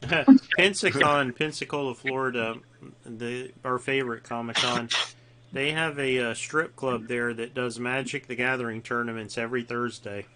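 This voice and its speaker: A man's voice: mid-range voice, moderate pace, background noise. A man with a Cajun accent from the Mississippi Gulf Coast, teasing playfully in a casual group chat.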